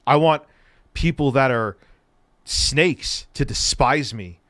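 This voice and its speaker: A male livestream host in a heated, swear-filled rant, swinging between flat muttering and loud outbursts. He says he is stoned, and his mid-pitched voice sits close and dry on the mic. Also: slow, no room sound. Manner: profane, angry, shouting at times.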